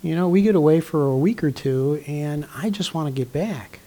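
An older man, a pastor, delivering a conversational sermon with frequent throat clearing and fillers. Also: on the high side, normal speed, warm tone.

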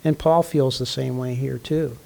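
An older man, a pastor, delivering a conversational sermon with frequent throat clearing and fillers. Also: medium pitch, steady tone, a little slow, mellow.

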